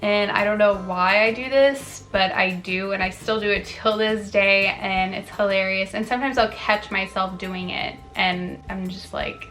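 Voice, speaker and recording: A woman's voice: medium pitch, steady tone, a little slow, hardly any pauses, a bit bright. Chatty young woman vlogger over faint music. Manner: chatty, filler-heavy, self-correcting, frequent "like" and "um". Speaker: wellness vlogger. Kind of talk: casual chatty facts video.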